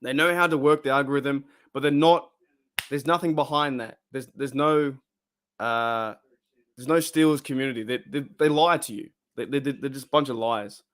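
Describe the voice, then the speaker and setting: A man's voice: medium pitch, moderate pace, fairly bright tone. An Australian man hosting a casual live stream, talking bluntly and heatedly and swearing freely.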